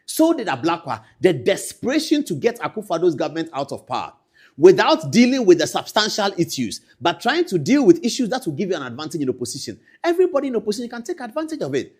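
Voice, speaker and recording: A Ghanaian man gives political commentary with a slightly high voice. His pitch leaps around widely as he moves between loud, emphatic outbursts and quiet asides. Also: husky.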